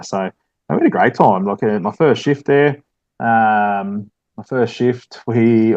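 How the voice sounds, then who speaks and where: A man's voice: fairly low pitch, a little mellow, no echo, highs cut off. A man with an Australian accent, a firefighter, telling stories casually in an interview with plenty of ums and mates. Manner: laid-back, storytelling with lots of ums and mates. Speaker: firefighter station officer, guest.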